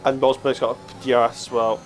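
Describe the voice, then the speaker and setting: A man co-commentating a live sim race in a calm, dry, matter-of-fact way. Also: mid-range voice, fairly quick, faint music behind, rough recording.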